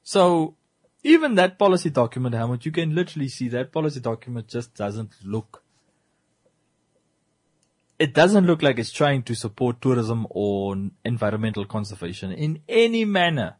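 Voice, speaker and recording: A man co-hosting a casual discussion, talking in an animated, joking way full of rhetorical questions. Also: medium pitch, moderate pace, no room sound.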